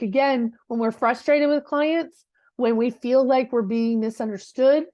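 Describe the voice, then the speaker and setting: A woman's voice: fairly high pitch, a little mellow, dry recording, dull audio. A woman coaching a live class in a direct, conversational way, often checking in with her listeners. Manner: direct, conversational, with many rhetorical 'right?'s. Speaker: real estate coach. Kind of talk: live teaching session.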